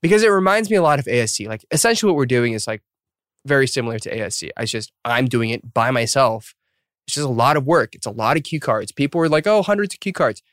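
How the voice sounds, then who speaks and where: A man's voice: mid-range voice, animated, fast, fairly bright tone, no room sound. Dry-sounding man chatting, full of fillers. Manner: rambling, filler-heavy, laughs at himself. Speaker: podcast host. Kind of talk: casual podcast chat.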